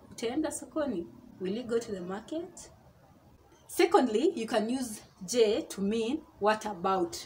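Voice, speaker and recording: A woman teaching a casual online language lesson, saying each example phrase slowly and several times so that learners can follow. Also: on the high side, darkish tone, slight background noise. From Kenya. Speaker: Swahili teacher.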